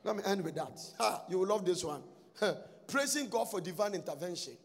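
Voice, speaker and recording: A man preaching a sermon, breaking into sudden shouts and sing-song lines. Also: sits high, lively intonation, brisk.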